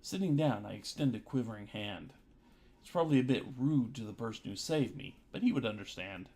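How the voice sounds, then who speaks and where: A man's voice: medium pitch, expressive, fairly quick, a little mellow. A man streaming, reading a visual novel aloud with dry joking asides, with music behind.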